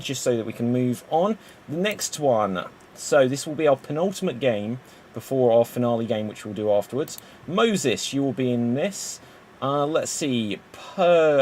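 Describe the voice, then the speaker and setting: Brisk male host of an online improv show. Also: medium pitch, slight background noise. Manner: brisk, chatty, fills pauses with "um". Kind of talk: hosting an online improv contest.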